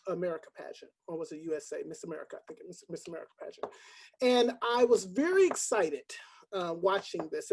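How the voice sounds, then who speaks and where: An older woman speaks into a video call, telling a story from her own life. She is a choral professor and talks in an earnest, halting way, pausing often on "um." Her pitch sits in the middle for a woman. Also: a little mellow. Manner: halting, many ums, earnest. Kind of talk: personal storytelling on a webinar.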